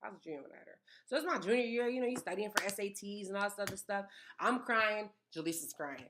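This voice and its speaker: A woman, telling stories in a casual chat, animated and emphatic, often repeating words for effect. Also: mid-range voice, fast talker, noisy background. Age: 30s.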